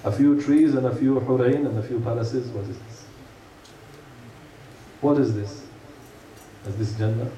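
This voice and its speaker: A man's voice: mid-range voice, fairly even intonation, a little slow, long pauses, warm tone, muffled recording. A man giving an earnest sermon, asking rhetorical questions and telling stories to a congregation. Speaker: preacher. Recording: echoey room, mic far off, faint hum.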